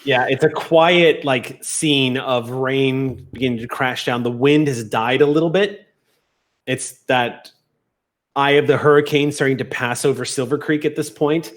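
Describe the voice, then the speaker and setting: A man runs a tabletop game as its game master, painting each scene in vivid detail. His voice sits in the middle range and moves at an even, unhurried pace. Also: mid-range voice. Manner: descriptive, cinematic scene-setting.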